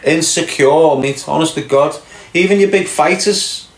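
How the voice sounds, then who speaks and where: A man's voice: on the high side, unhurried, echoey room. A man hosting a casual livestream, answering chat comments with brash, sweary, mocking banter.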